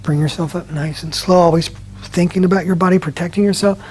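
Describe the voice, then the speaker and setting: A man leading a yoga class, giving calm, slow step-by-step cues and often dropping his voice softly. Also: high voice, slight background noise. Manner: calm, slow guiding cues with soft drops in volume. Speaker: yoga instructor. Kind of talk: guided yoga class instruction.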